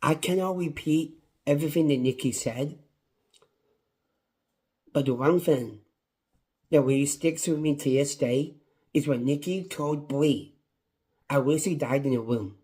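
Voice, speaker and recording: A man's voice: fairly high pitch, unhurried, pauses often, darkish tone. A man reviewing a wrestling show on his own, in a passionate, repetitive rant. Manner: impassioned, ranting, repetitive. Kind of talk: casual solo review.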